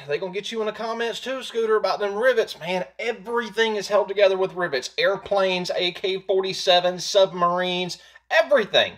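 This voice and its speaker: A man's voice: high voice, a little fast. A man hosting his boat-building video, explaining results casually and then teasing commenters with jokes. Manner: joking, teasing, animated. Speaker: host and jon boat builder. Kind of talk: casual how-to video talk with a comment roast segment.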